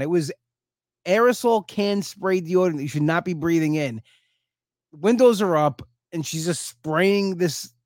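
A man's voice: fairly high pitch, darkish tone, dry recording, studio quality. A worn-out man hosting a casual solo podcast, telling a rambling story with restarts and perking up when he quotes people. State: exhausted, low on energy. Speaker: podcast host.

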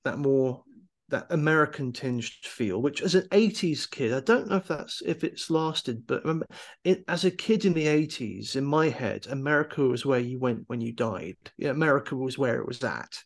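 A man's voice: mid-range voice, animated, normal speed. A man in his forties co-hosting a podcast in casual chat, rambling and hesitant as he talks. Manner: rambling, hesitant, full of restarts. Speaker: podcast co-host.

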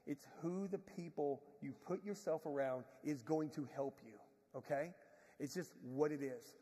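A man preaching a sermon and telling a personal testimony, moving between quiet reflection and urgent pleading. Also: a little high, measured pace, long reverb tail. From Houston, Texas. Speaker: pastor.

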